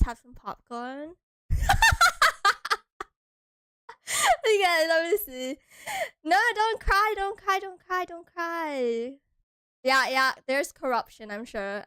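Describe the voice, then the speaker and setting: Giggly high-voiced American woman streamer. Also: fairly bright tone, no room sound. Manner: playful, giggly, chatty with viewers. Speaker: vtuber streamer. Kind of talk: casual chat stream.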